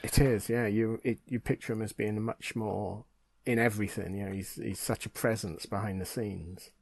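A man's voice: on the low side, steady tone, normal speed, vocal fry, darkish tone, husky. A man co-hosting a podcast, chatting casually and agreeably about an old television series. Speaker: podcast co-host. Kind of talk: casual fan discussion.

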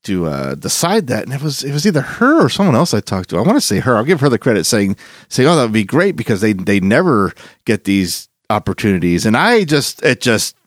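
A man co-hosting a podcast in casual chat, with a gravelly voice, rambling and restarting as he talks. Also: lowish voice, brisk, no echo, clean studio sound. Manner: animated, rambling with frequent restarts. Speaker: podcast co-host.

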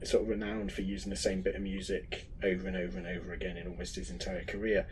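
A man's voice: sits low, expressive, quick pace, vocal fry, darkish tone, slight background noise, rough recording. A man co-hosting a podcast, chatting casually with playful jokes and rambling asides. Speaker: podcast co-host. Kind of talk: casual chat.

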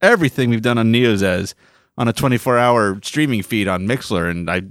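A man's voice: mid-range voice, expressive, moderate pace, fairly bright tone, no echo, clean studio sound. A man co-hosting a casual podcast, reading listener emails aloud and laughing often.

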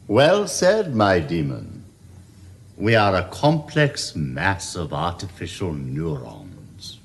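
An actor playing a shape-shifting android posing as a king, with a slow, regal delivery. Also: deep voice, wildly swooping pitch, creaky, exaggerated voice.

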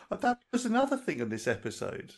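A man's voice: high-pitched, huge pitch swings, normal speed, vocal fry, breathy edge. A middle-aged man, a guest in a casual chat, who laughs often and stumbles over restarts. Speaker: podcast guest.

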